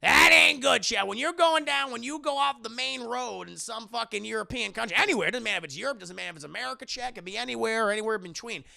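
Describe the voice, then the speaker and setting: Gravelly high-ish guy ranting a movie recap, swears a lot, super bright tone, dead dry room. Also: very fast, few pauses, no echo. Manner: profane, rambling, animated, addresses co-host directly. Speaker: movie reviewer. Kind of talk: casual comedic movie recap.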